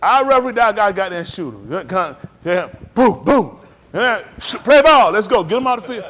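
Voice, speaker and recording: A man with a high voice talks to his congregation in a casual, blunt way. His pitch swings widely as he jokes, acts out plays and rants. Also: fast. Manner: animated, joking and acting out plays; blunt, ranting. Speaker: speaker addressing a congregation. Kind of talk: casual, animated talk to a congregation.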